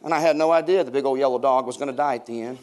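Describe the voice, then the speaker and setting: A man's voice: mid-range voice, very fast, darkish tone. A man in his fifties, a pastor preaching a sermon to his congregation, telling funny stories and bantering with the people in the pews. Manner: humorous, storytelling, banters with the congregation. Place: church before a congregation.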